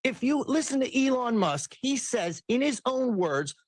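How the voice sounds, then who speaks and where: Ranting high-voiced man, dry close sound. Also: big pitch swings, a little slow, dry recording. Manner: ranting, sarcastic, mimics people in quotes. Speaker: commentary host. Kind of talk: heated political commentary.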